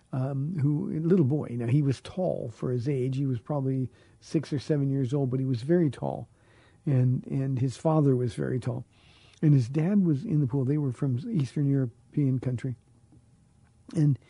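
A man's voice: mid-range voice, warm tone, breathy edge, dry recording. A middle-aged man, a pastor answering listeners' questions on a call-in radio show, earnest and often repeating words as he searches for the phrasing.

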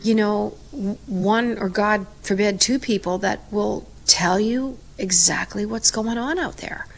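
Medium in pitch and a bit creaky, this woman's voice moves at a measured pace. As a podcast co-host, she spins stories in relaxed conversation, performing the quotes of others with lively flair.

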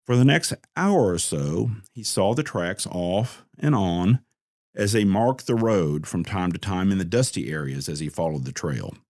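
A man narrating a scripted crime story in a measured, deliberate way. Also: low voice, darkish tone, no echo, studio quality.

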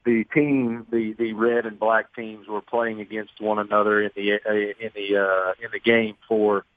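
A man's voice: fairly low pitch, little pitch movement, measured pace, no room sound. A man, a sportscaster guest telling self-deprecating stories in a phone-in radio interview. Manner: storytelling, self-deprecating, chatty. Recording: tinny phone line.

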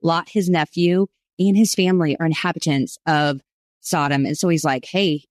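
A woman's voice: low-pitched, normal speed, darkish tone, dry recording, clean studio sound. A woman co-hosting a Bible study podcast, explaining scripture with enthusiasm. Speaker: co-host.

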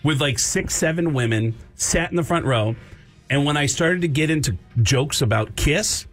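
A male comedian, a guest on a talk show, telling stories in an animated way and acting out the people in them. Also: a little high, moderate pace, faint music behind. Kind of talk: casual storytelling on a radio show.

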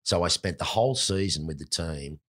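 A deep-voiced Australian man in his sixties recounts his early sporting career with lively, animated storytelling. His voice sits low and he tells each anecdote with energy. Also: normal speed. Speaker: former cricketer, guest. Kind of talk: storytelling interview.

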